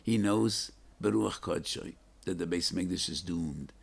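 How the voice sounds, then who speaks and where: An older rabbi giving a storytelling Torah class in a deep, low voice. His tone is gravelly and a little husky. He speaks earnestly and with emphasis, dropping Hebrew and Yiddish terms into his English. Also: measured pace. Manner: earnest and emphatic, with rising, pleading questions.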